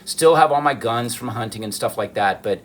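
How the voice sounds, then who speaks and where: Here the southern American miniature artist keeps up his casual, animated livestream chat with viewers. His mid-range voice moves at a normal speed and has a fairly bright tone.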